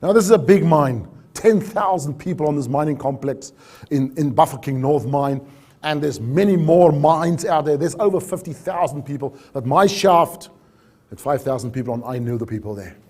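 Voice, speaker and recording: A man who worked as an HR manager at a mine, telling a story in a vivid way that swings between loud and hushed. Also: on the high side, lively intonation, normal speed. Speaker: former HR manager at a mine, safety speaker. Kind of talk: dramatic storytelling talk.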